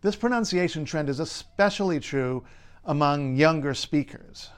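A male linguist narrates a scripted explainer in a slightly high voice. He sounds clear and wry, with light humor running through the read. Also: lively intonation, a little slow. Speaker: linguist and writer.

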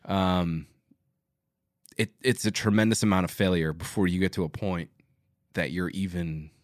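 A man as a podcast guest in casual chat, relaxed and rambling, with many fillers. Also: low voice, normal speed, no room sound, clean studio sound.

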